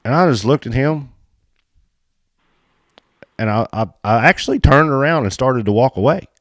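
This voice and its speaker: A man co-hosting a casual podcast, telling a story in a blunt, animated way and swearing freely. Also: mid-range voice, normal speed, dry recording. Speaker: podcast co-host and race filmer.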